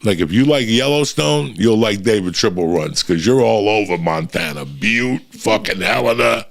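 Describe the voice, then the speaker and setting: Gravelly, profane man telling stories. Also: on the low side, moderate pace. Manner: profane, animated storytelling. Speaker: comedian guest. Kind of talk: storytelling chat.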